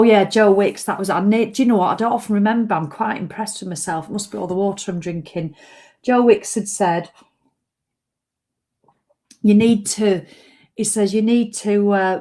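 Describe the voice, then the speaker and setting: A woman's voice: medium pitch, mellow. A middle-aged woman, rambling and self-mocking in a fitness vlog. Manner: rambling, self-mocking, breaks into sung jingles. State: hiccups. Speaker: fitness vlogger. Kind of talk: chatty live video.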